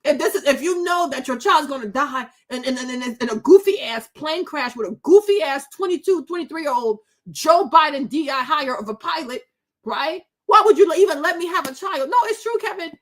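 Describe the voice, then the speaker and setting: Tearful high-voiced woman vlogger. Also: animated, normal speed. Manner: emotional, repeats phrases, tearful at times. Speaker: vlog host. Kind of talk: emotional political commentary vlog.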